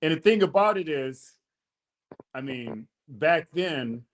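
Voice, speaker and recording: A man's voice: a little high, expressive, slow pace. A man hosting a podcast, casually telling a long story in slangy talk, acting out the quotes. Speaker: podcast host.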